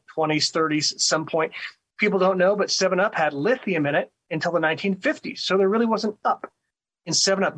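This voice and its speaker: A man's voice: sits high, a bit bright, breathy edge, rough recording. A man hosting a talk show, delivering a casual commentary monologue, often repeating words and asking "right?". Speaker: radio talk show host.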